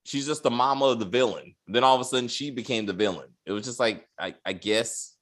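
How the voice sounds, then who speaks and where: A man hosting a casual review chat, animated and acting out characters' lines as he talks. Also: mid-range voice, brisk. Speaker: podcast host.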